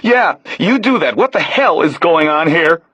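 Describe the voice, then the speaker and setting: Shrill, rattled real estate agent, voiced by a man from the audiobook narrator's chair, panicky and pitched far above a normal male voice. Husky, low-set narrator's timbre pushed high and thin for the part. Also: lively intonation, unhurried, sharp tone, no room sound, exaggerated voice. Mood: indignant.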